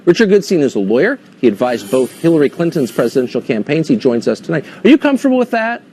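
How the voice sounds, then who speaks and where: A man's voice: on the high side, very animated, fast talker, a little mellow, a little hiss or hum. A man hosting a cable news interview segment, asking pointed, skeptical questions. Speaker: host.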